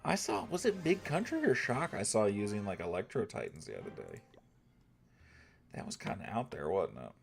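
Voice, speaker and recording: Low-voiced man streaming, cursing mildly. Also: wildly swooping pitch, normal speed, gravelly. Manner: thinks aloud, swears when irritated. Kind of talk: casual gameplay commentary to chat.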